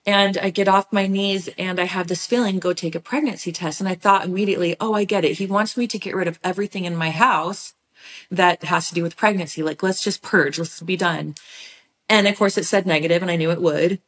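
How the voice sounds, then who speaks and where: Animated woman telling a heartfelt story. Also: on the low side. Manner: animated, heartfelt, quick bursts of speech. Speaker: podcast guest. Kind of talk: personal storytelling in conversation.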